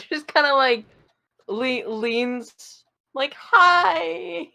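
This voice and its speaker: Woman, tabletop player, high voice, lively pitch, playful banter. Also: a little slow. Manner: playful, animated, laughs often.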